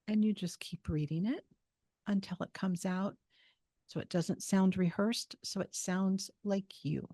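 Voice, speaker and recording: A woman hosting a self-help talk, giving steady, instructive advice and repeating phrases for emphasis. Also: medium pitch, a little slow, dry recording, clean studio sound. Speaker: host.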